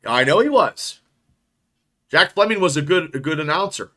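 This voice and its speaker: Blunt, bright-voiced man in his fifties. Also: a little high, animated, moderate pace. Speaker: podcast co-host. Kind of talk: casual sports podcast chat.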